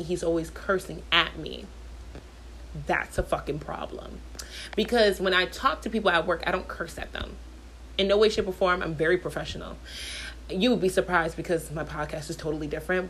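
A woman's voice: on the low side, a bit bright, a little hiss or hum. A woman in her thirties venting in a casual storytime, blunt and profane, talking from her bathroom at home.

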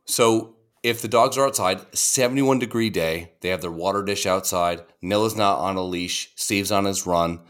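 A man's voice: low-pitched, moderate pace, hardly any pauses, fairly bright tone. A man co-hosting a podcast, telling rambling, profane stories in casual chat. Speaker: podcast co-host.

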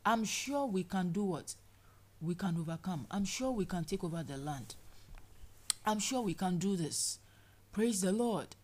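A woman preaching a sermon, animated, acting out people's complaints in playful voices. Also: on the low side.

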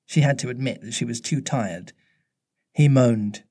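A man reading a children's storybook aloud in a measured way, slowing down at tense moments. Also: mid-range voice, a little mellow, slightly rough.

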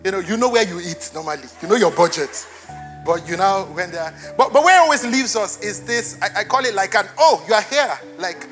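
A high, bright male voice delivers a church sermon, joking easily with the room before building to loud, fervent emphasis. Faint music plays underneath him. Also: lively intonation, fairly quick. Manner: playful, conversational, rising to loud emphatic preaching. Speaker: pastor.

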